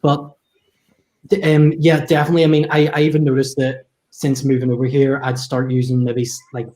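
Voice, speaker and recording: A man's voice: mid-range voice, level tone, brisk, warm tone, poor audio. A young man with a Northern Irish accent, a guest in a casual discussion, speaking reflectively and hesitantly. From Northern Ireland.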